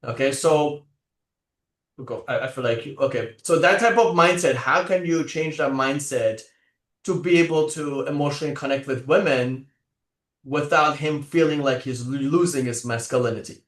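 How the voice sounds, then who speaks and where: A man's voice: fairly high pitch, moderate pace, a bit bright, reverberant. A man hosting a dating podcast, asking long, rambling questions full of filler words. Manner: rambling, many fillers and restarts. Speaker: podcast host, dating coach. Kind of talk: casual podcast conversation.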